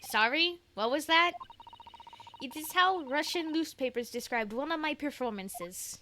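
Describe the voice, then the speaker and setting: A woman's voice: sits high, animated, a little slow, pushed and bright, slight background noise, exaggerated voice. A woman voicing a proud, dramatic fifteen-year-old ballerina girl while playing a video game. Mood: haughty.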